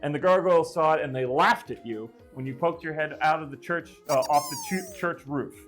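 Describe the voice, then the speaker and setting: A man's voice: on the high side, huge pitch swings, brisk, a bit bright, soft background music. Rambling man telling a gory comic tale. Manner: rambling, many restarts and fillers, gleefully gruesome. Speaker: storyteller and streamer. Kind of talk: improvised comic storytelling.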